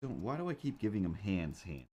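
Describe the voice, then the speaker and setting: A man's voice: deep voice, sing-song, fairly quick, a little mellow. A man streaming live, telling a story in a casual, rambling and wry way with self-mocking asides. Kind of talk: casual chat while drawing on a livestream.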